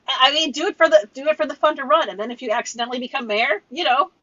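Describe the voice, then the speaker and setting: A woman's voice: sits high, rapid-fire, a bit bright, lo-fi sound. A young woman co-hosting a casual comedic chat, playful and teasing, often giggling. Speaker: podcast co-host.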